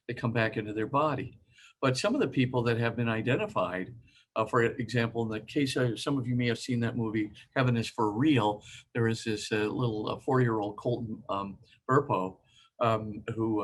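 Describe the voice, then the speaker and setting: An older man with a mid-range voice gives an informal lecture, halting and full of fillers, occasionally acting out the voices he quotes.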